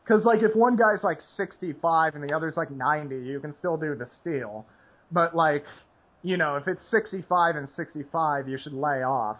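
On a muffled recording, a poker podcast host with a fairly high voice talks at normal speed. His casual rambling is full of "like" and restarts.

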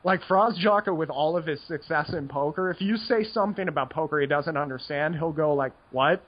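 A man's voice: on the high side, a little fast. Rambling podcast man with a dull sound. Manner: rambling, laughs often, lots of "like". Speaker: podcast co-host, poker player. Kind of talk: casual chat.

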